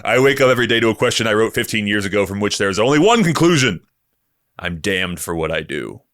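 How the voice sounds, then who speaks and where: A man reading aloud as a grim, world-weary male rebel spymaster, with a slow, weighty delivery that builds to a shout. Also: fairly low pitch, expressive, no room sound, studio quality. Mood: solemn. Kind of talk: dramatic reading of a monologue.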